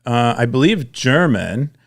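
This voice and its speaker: A man's voice: medium pitch, big pitch swings, a little slow, gravelly. A young man co-hosting a podcast, talking casually with frequent fillers and restarts. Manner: rambling, many restarts and fillers. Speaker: podcast co-host. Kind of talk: casual chat.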